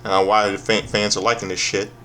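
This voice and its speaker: Low-voiced guy doing a sarcastic, cussing wrestling recap, keeps tripping over his words. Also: little pitch movement, sharp tone, a little hiss or hum. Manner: profane, sarcastic, halting with restarts. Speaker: wrestling show reviewer. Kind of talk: casual recap commentary.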